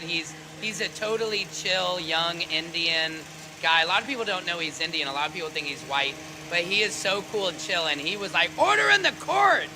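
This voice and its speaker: A man doing a hyped, joking on-the-spot street report just outside a court building, talking straight to his viewers. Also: a little high. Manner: joking, showman-like, addresses "guys". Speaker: street reporter covering a trial. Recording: clear street noise with passing traffic.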